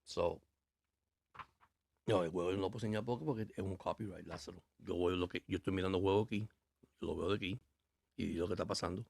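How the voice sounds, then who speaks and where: Creaky-voiced male sports livestream host. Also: low voice, rapid-fire, long pauses, dry recording. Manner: relaxed, chatty, switching between languages. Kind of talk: casual live-stream game chat.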